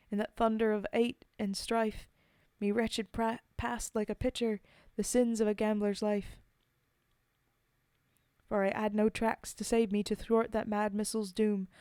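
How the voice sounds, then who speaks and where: A woman's voice: medium pitch, warm tone, clear, resonant tone, no room sound, clean studio sound, lightly acted. A woman reciting as a boastful gambler soldier, put-on accent. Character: boastful male gambler soldier telling a war tale. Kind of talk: dramatic poetry reading.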